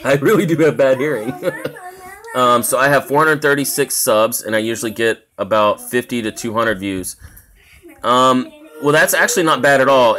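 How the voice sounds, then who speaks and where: Chatting casually on a live stream from his South Carolina home, with family sounds around him, this man has a mid-range, somewhat bright voice. He rambles with lots of filler words and reads chat comments aloud.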